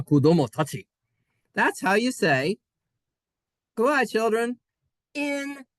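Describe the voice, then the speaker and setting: A man with a medium-pitched voice and no echo teaches Hebrew in a playful online class. Goofy and self-mocking, he spells words out letter by letter.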